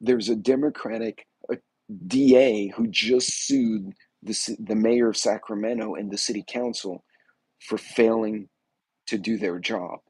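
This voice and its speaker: A man's voice: lowish voice, steady tone, a little slow, darkish tone, slightly rough, no room sound. A man hosting a livestream, chatting casually and rambling as he greets viewers by name. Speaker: livestream host. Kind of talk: casual political livestream chat.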